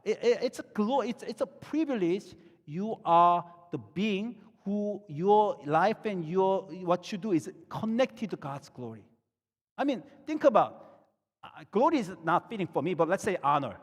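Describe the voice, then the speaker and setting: A man's voice: high-pitched, expressive, a little slow, long reverb tail. A middle-aged man, a pastor, preaching conversationally and asking the listeners many questions. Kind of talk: sermon.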